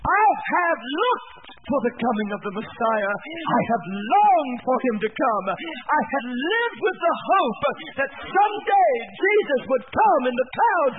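A middle-aged man preaching a revival sermon in church, with emphatic repetition that builds to shouts. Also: very high-pitched, sing-song, a little slow, hardly any pauses. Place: church service. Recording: narrow phone-like lo-fi recording. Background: musical instrument playing.

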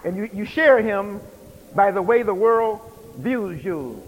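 High-voiced man preaching in a hall. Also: expressive, takes it slowly, narrow, tinny audio, a little hiss or hum. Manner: emphatic rhythmic preaching with repeated phrases. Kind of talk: sermon. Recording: long hall reverb.

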